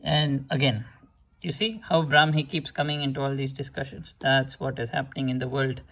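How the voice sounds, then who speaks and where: A man slowly explaining writing scripts and their sounds, pausing often with fillers and sounding out syllables to show pronunciation. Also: mid-range voice, steady tone, fairly bright tone. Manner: slow, hesitant explaining with many fillers and restarts. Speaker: script teacher. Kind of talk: explanatory lesson.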